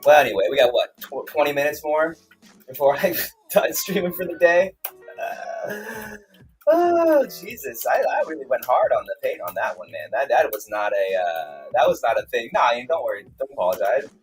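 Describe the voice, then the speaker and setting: A man's voice: medium pitch, big pitch swings, moderate pace. Man livestreaming, heated profane rant, rambling restarts, faint music behind. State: angry, then calming down. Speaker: streamer, self-published author.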